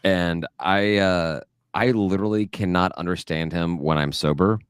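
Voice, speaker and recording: A man's voice: deep voice, normal speed, clean tone, dry recording, studio quality. A man from the American South co-hosting a podcast, joking, blunt and opinionated. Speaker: podcast co-host. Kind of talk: casual banter.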